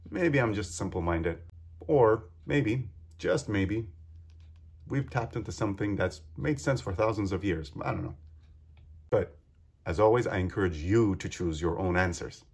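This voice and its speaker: Husky-voiced man, impassioned podcast monologue. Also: fairly low pitch, unhurried, darkish tone. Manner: earnest, impassioned, rhetorical questions. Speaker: podcast host.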